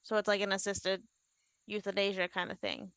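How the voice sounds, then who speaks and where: A woman's voice: mid-range voice, level tone, brisk, a bit bright, smooth, no echo, studio quality. A woman playing a tabletop game, asking stammering questions. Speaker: player. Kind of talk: tabletop role-play.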